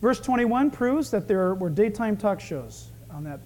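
High-voiced man preaching animatedly. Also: a little slow, slight background noise. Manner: animated, acting out quotes. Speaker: pastor. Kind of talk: sermon.

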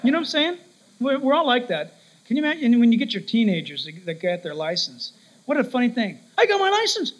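High-voiced preacher, animated. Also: male voice, fast, low-quality recording. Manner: animated storytelling, acts out quoted voices. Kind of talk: sermon.

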